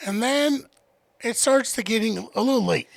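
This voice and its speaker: A man co-hosting a podcast, chiming into the story with quick, profane remarks in casual chat. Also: very high-pitched, animated, gravelly, dry recording, rough recording. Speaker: podcast co-host.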